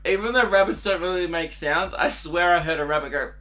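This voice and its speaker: A young man talks alone into his podcast mic, rambling and giggling through crude stories. His voice sits a little high for a man and rings bright and forceful. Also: a little fast. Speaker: podcast host. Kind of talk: casual solo podcast monologue.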